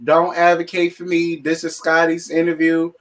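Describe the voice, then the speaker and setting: A man's voice: on the high side, monotone, normal speed, a crowd in the background. A man co-hosting a casual gossip chat, blunt and sassy, brushing off critics. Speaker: co-host.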